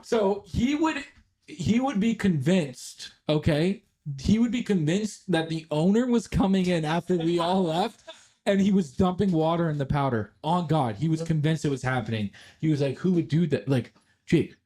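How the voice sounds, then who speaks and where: A man's voice: a little high, lively intonation, moderate pace, mellow, slightly rough. A young man, co-hosting a podcast and telling a long workplace story in casual chat. He rambles, laughs often and swears freely. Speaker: podcast co-host.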